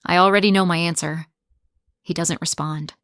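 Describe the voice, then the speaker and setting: A woman narrating a simple graded-reader story in short, clear, deliberate sentences. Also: lowish voice, steady tone, fairly bright tone, no echo, studio quality.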